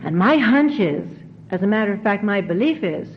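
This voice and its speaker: A woman's voice: mid-range voice, animated, moderate pace. Earnest woman on dull old tape. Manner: earnest, repeats phrases for emphasis. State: emotional. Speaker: recovery convention speaker. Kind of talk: heartfelt recovery talk to an audience. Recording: dull 1990s tape, faint hiss.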